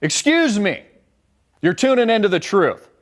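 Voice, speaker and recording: A fired-up man ranting on his live commentary show, his voice sitting high and leaping all over the place. He talks bluntly and swears without holding back. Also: very animated, unhurried. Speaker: show host.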